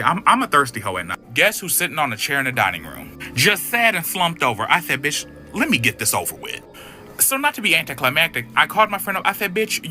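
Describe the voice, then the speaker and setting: A man's voice: on the high side, pushed and bright. A man telling a spooky personal story in a sassy, profane, dramatic way. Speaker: storyteller in a clip. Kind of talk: animated story time.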